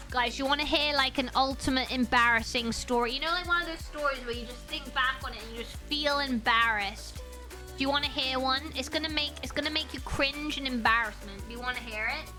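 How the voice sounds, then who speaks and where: A woman streaming to her chat and telling an animated travel story, often breaking into giggles and restarting sentences. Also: high-pitched, fairly quick, faint music behind.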